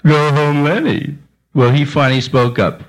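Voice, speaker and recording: A man's voice: fairly high pitch, steady tone, normal speed, heavy background noise. A man doing stand-up in a club, rambling, confessional and riffing with the crowd. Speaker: stand-up comedian. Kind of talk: live stand-up comedy. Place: nightclub stage with audience.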